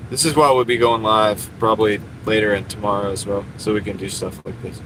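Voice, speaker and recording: A man's voice: on the low side, fairly even intonation, a little fast, background noise. A man livestreaming from inside a parked car, chatting casually with his viewers and rambling with lots of fillers. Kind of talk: casual live stream chat reading comments.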